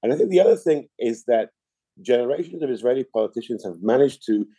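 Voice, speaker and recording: Answering interview questions at length, a middle-aged political analyst speaks in a very dark, mellow, husky mid-range voice that stays expressive. His manner is measured and explanatory, and he frequently starts a phrase over. The sound is close and dry, without echo.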